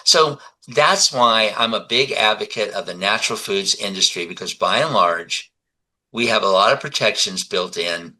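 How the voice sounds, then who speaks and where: Forceful older man telling stories. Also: lowish voice, moderate pace, low-quality recording. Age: 70s. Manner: animated storyteller who acts out dialogue. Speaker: guest. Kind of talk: conversational interview.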